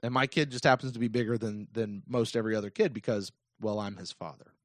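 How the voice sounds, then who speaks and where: A man in his thirties with an American accent, hosting a casual call-in sports podcast in an animated, emphatic rant. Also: on the low side, fast, no room sound, studio quality. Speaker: podcast host.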